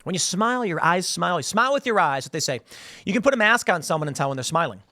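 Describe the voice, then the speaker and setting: A man in his thirties, from the United States, hosting online commentary in a rambling, animated way, often acting out voices. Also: high-pitched, fast talker, no echo. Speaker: host. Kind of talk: online commentary on a news clip.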